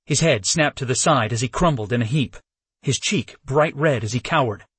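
A man narrating a first-person novel as an audiobook, telling the story in an expressive way. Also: mid-range voice, normal speed, slightly rough, no echo.

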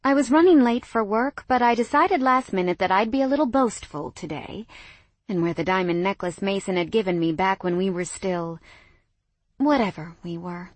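Breathy woman reading romance aloud. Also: mid-range voice, lively intonation, moderate pace, no echo. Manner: soft, intimate, often dropping to a whisper. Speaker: audiobook narrator. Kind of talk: first-person romance audiobook narration.

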